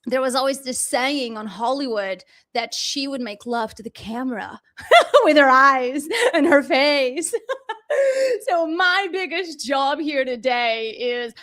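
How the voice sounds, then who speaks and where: A woman's voice: high-pitched, lively intonation, slow pace, a bit bright. A woman teaching a live online class from her home kitchen, bubbly and gushing, laughing often. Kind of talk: live-streamed class, casual and chatty.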